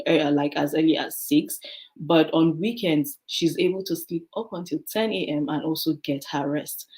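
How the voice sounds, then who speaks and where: Low-voiced African woman telling stories. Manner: lively storyteller, laughs often. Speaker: guest, beautician. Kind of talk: casual interview storytelling.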